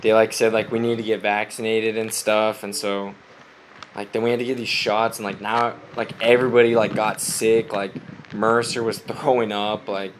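A man's voice: lowish voice, little pitch movement, moderate pace, a little hiss or hum. A young man, a missionary, giving a casual spoken update to his family, rambling with many "like"s and frequent laughs, his voice slightly stuffy from a cold. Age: young adult. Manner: rambling, heavy use of "like", laughs often.

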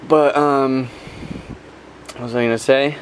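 A man's voice: mid-range voice, steady tone, slow pace, slight background noise. Young man in his twenties, missionary, chatty and upbeat, full of fillers. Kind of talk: casual video update.

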